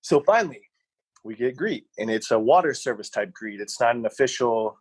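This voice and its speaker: A man's voice: medium pitch, moderate pace, breathy edge, dry recording, rough recording. A young man on a podcast, rambling through a personal story and acting out what people said. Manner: rambling, animated anecdote with voiced quotes. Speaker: podcast co-host. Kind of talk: casual storytelling.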